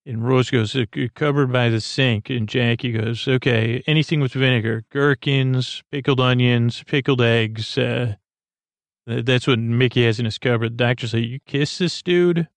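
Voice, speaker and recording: Gravelly guy mumbling thru a show recap, flat voice, lots of uhs. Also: medium pitch, no room sound. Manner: halting, many fillers and restarts. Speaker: podcast host retelling an episode. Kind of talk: sleepy rambling recap.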